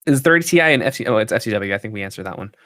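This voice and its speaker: A man's voice: on the low side, lively intonation, racing, fairly bright tone, dry recording, studio quality. A man hosting a casual livestream and answering viewer questions in an easygoing way. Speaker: PC company livestream host.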